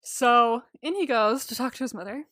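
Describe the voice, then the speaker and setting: Woman, podcast co-host, casual recap, swears a lot, laughs often, higher voice. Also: normal speed, pushed and bright, no room sound, clean studio sound. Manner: swears freely, laughs often, acts out quoted lines.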